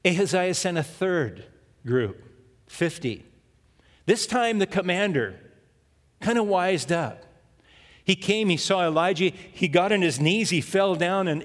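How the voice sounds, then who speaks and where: A male pastor preaches with lively storytelling energy, repeating key words for emphasis. His voice sits a little higher than most men's. A long reverb from the church hall trails behind him. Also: normal speed. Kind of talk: sermon.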